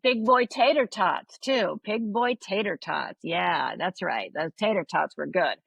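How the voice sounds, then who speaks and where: An older woman from Upper Michigan speaks as a podcast guest in a low, husky voice. She tells her story candidly and keeps checking in with quick tag questions. The sound is dry and close. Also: lively intonation, fairly bright tone, no echo, low-quality recording. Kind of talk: personal storytelling.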